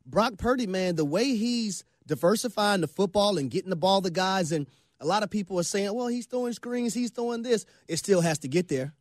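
A man's voice: high voice, a little fast, no echo. A man co-hosting a sports talk radio show in a studio, emphatic and preachy, with folksy sayings and repeated phrases.

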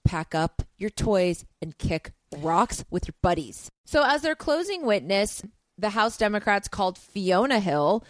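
A woman's voice: medium pitch, dry recording. A woman co-hosting a comedy podcast, talking in a crude, gleeful, profane way. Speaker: podcast co-host. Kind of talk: casual comedic chat.

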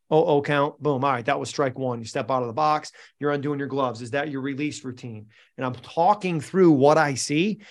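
A man hosting a live group coaching call, telling coaching stories in an energetic, encouraging way. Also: a little high. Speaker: mental performance coach, host. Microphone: video call.

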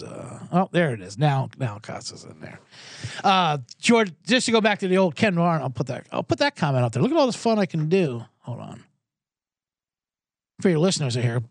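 A man's voice: mid-range voice, vocal fry, slightly rough, no room sound, clean studio sound. A man hosting a sports betting livestream, talking casually and profanely, rambling and reading out viewer comments. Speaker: sports betting show host.

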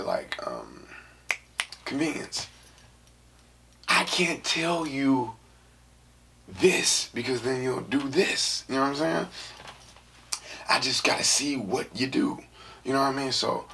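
A man's voice: medium pitch, creaky, bright, forceful tone, a little hiss or hum. A young man from San Francisco telling a rambling personal story in casual talk, full of filler phrases and half-whispered asides. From San Francisco, USA.

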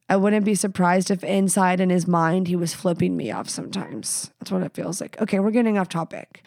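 A woman's voice: medium pitch, vocal fry, a little mellow, dry recording, clean studio sound. A woman in her thirties hosting a podcast, giving blunt, candid advice in a casual, profane way.

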